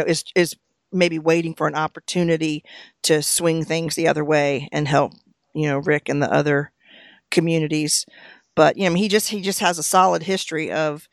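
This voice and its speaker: Easygoing podcast co-host with a gravelly, dry-sounding voice, leading a relaxed chat through set questions. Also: mid-range voice, no room sound. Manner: easygoing, asks numbered questions, chuckles often. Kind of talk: casual discussion of a TV episode.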